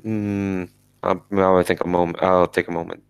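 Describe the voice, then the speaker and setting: A man playing in a tabletop game, speaking in a halting, thoughtful way. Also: low voice, little pitch movement, vocal fry, clear, resonant tone, dry recording, muffled recording. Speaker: player. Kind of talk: casual tabletop play.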